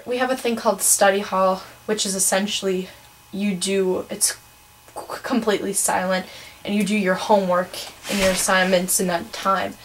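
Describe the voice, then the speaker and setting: A woman's voice: mid-range voice, rough recording. A teenage girl from Wisconsin with a Midwestern American accent, ranting casually in a vlog, chatty and opinionated with lots of ums. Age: teens. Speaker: vlogger.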